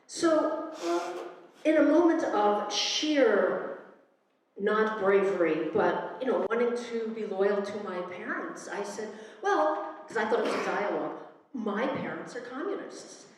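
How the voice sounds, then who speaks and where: A woman's voice: medium pitch, lively intonation, a little slow, a little hiss or hum. Woman telling a story in an echoey hall. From United States. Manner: conversational, wry, many fillers. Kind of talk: live personal storytelling. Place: event hall. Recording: echoey hall, distant mic.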